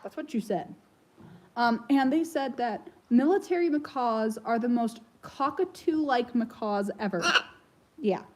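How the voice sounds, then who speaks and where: A woman's voice: fairly high pitch, expressive, a little slow, a little mellow, slight background noise, low-quality recording. A woman chatting casually about her pet parrot, rambling and slipping into baby talk with the bird. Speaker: parrot owner vlogger. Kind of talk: casual chat.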